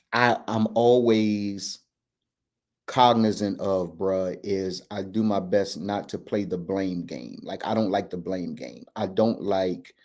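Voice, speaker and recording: A man's voice: lowish voice, darkish tone. A man, a men's coach hosting a candid talk, earnest and reflective, often restarting and checking in with "right?". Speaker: men's coach and podcast host.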